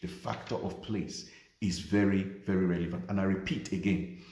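Male pastor, lower register, emphatic repetitive preaching, roomy echo. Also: fairly even intonation, moderate pace, mellow. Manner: emphatic preaching, repeating key phrases with rising intensity. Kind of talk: livestreamed sermon.

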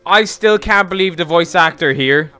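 The Irish gamer's voice is a little high, bright, smooth and forceful, at normal speed, as he jokes, rambles and rants sarcastically through casual commentary while playing, with faint music in the background.

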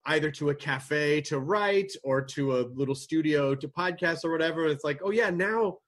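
A man with a slightly raised, husky voice, hosting a casual podcast chat. He talks in a quick, jokey way and keeps the talk moving. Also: on the high side. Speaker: podcast host. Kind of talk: casual chat over video call.

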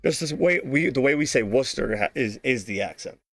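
A man's voice: medium pitch, animated, fairly quick, a bit bright, no echo, soft background music. A man from Massachusetts trading teasing, joking banter during casual gaming chat. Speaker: streamer's friend.

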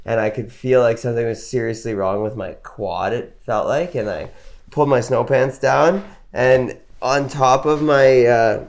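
A man talks as a guest on a podcast in loose, casual storytelling chat. His delivery is animated and peppered with "like", and his voice sits at an ordinary middle pitch for a man. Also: normal speed. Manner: animated, says "like" often. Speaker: podcast guest, professional snowboarder.

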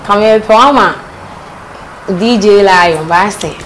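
A woman's voice: medium pitch, unhurried, a bit bright, slight background noise, rough recording. A woman with a Ghanaian accent hosting a casual talk show, teasing her guest and repeating her questions. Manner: teasing, switches between Twi and English, repeats questions. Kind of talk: casual chat show interview.

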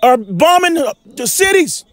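A man's voice: very high voice, sing-song, a little slow, fairly bright tone, no echo. A man giving informal scripture teaching, reading verses aloud and breaking in with emphatic rhetorical questions. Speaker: Bible teacher.

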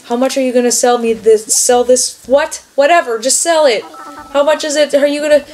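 A woman chatting excitedly and swearing lightly as she comments on a game she is playing. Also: high voice, brisk. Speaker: gamer. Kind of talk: casual gameplay commentary.

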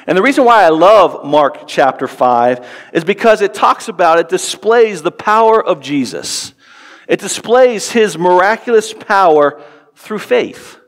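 An earnest man in his forties preaching from the pulpit. His voice sits a little high for a man, and he repeats words as he leans into a point, then sinks quiet for tender moments. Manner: earnest, repeats words when emphasizing, drops soft and low for tender passages. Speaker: pastor. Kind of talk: sermon.

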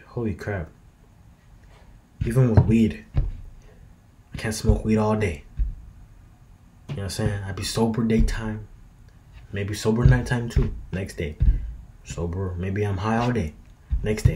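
A man's voice: on the low side, dark tone, slight background noise. A young man talking to himself late at night in a loose, meandering, slangy monologue that drifts into half-freestyled rhymes. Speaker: vlogger.

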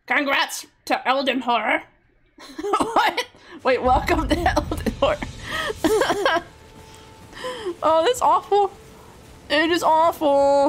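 A woman commentates her live gameplay stream in a high, animated voice that climbs and drops a lot. She talks slowly, swears freely, laughs often and speaks straight to her chat. Faint music plays behind her. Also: slight background noise.

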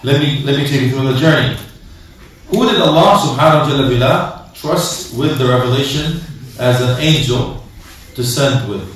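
A man giving a lively Ramadan sermon, asking the congregation questions and acting out people's excuses. He says he is losing his voice. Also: medium pitch, a little hiss or hum. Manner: asks the crowd questions and acts out excuses in quick back-and-forth. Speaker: imam giving a talk. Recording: echoey hall, mic from a distance.

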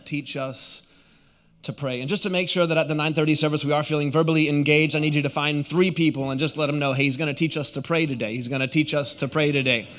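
A man's voice: fairly high pitch, steady tone, fast, fairly bright tone. A young adult man preaching a sermon as a guest pastor, drawing the congregation in and having them repeat phrases back. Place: church auditorium.

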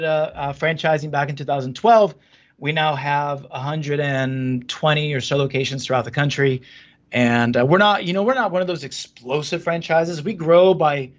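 A man speaking as a franchise executive guest in a casual podcast interview, rambling and animated, with many restarts and fillers, from a home office at a standing desk over a video call. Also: a little high, dull audio.

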